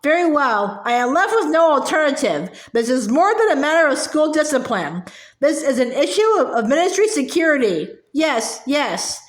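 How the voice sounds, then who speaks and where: A woman's voice: high-pitched, very animated, moderate pace. A woman voicing a sugary, menacing middle-aged witch official who speaks in a prim, clipped, insistent way, recorded in a roomy space. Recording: roomy echo.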